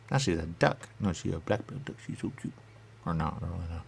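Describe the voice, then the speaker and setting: A man with a low, gravelly voice that swings widely up and down as he riffs in a goofy routine. He argues with himself in silly back-and-forth, now and then sinking into a hushed aside. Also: lively intonation, quick pace, slight background noise. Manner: goofy, answers his own questions, slips into hushed asides. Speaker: radio show personality.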